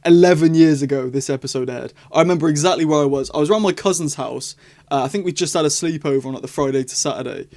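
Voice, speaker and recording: A young man talks through a casual review in a fairly high voice. He is eager and loose, piling on restarts and fillers as his enthusiasm runs ahead of his sentences. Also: fast talker, a little mellow. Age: young adult. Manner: enthusiastic, rambling, frequent restarts. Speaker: video reviewer.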